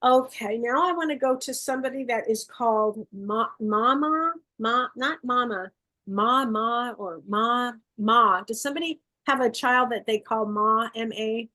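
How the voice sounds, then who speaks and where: Woman medium, a bit high-pitched, warm and coaxing, relays messages on a video call. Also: normal speed, few pauses. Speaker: psychic medium. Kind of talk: live online gallery reading.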